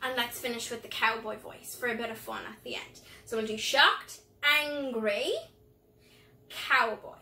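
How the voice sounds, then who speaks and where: A woman's voice: a little high, steady tone, unhurried, sharp tone, echoey room, recorded from a distance. A woman leading a playful nursery rhyme lesson for young children, trying out funny voices. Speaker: early childhood music teacher.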